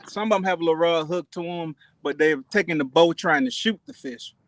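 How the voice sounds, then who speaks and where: Brief: relaxed male co-host, slightly high voice, casual slang. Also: brisk. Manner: laid-back, slangy. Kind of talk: casual group chat.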